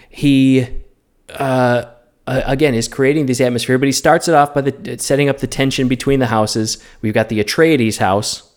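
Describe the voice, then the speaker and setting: A man co-hosting a film podcast, giving opinionated, animated takes in casual chat. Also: medium pitch. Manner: opinionated, animated film talk with quick asides. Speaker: podcast co-host.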